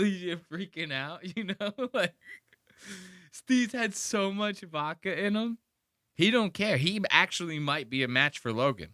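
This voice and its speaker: A podcast host delivers a profane, mocking rant about a clip he is playing. His voice is bright and forceful. The sound is dry and close, with little room in it. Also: on the high side, animated, normal speed, no room sound. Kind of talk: casual commentary on a played clip.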